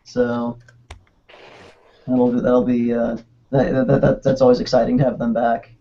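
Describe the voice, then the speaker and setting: A man casually chatting on a podcast, excitable and rambling, with quick restarts. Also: mid-range voice. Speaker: podcast co-host. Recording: dull lo-fi podcast audio.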